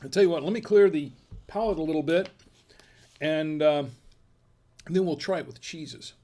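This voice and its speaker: A man's voice: fairly high pitch, normal speed, dark tone. An American man hosting a casual wine tasting, chatty and folksy, murmuring as he samples food and wine. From United States. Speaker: wine review host.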